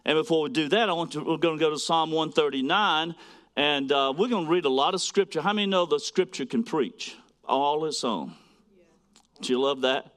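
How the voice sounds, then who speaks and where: A man preaching a sermon, swinging between loud, emphatic lines and quiet, hushed asides as he reads scripture to a congregation. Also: on the high side, normal speed. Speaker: pastor.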